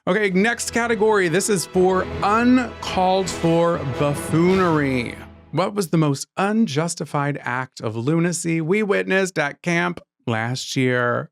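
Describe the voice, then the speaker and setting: A young man with a slightly higher, gravelly voice, playfully teasing his co-host as he hands out podcast awards. He announces each category with showy flair, recorded close and dry. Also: a little slow, dry recording, soft background music. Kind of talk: casual chat, handing out awards.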